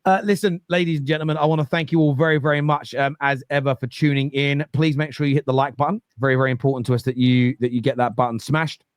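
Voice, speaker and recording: A man hosting a football podcast, talking in an animated, emphatic way and often repeating words. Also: medium pitch, quick pace, few pauses, clean tone, dry recording, clean studio sound. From England. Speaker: podcast host. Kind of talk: casual football podcast chat.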